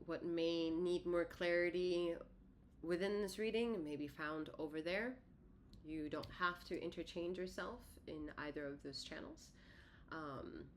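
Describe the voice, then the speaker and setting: A woman's voice: low-pitched, slight background noise. A woman tarot reader talking casually to her viewers, rambling and correcting herself, her words a little lisped and slurred. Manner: rambling, self-correcting, conversational; slightly lisping, slurred words. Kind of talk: solo tarot reading to camera.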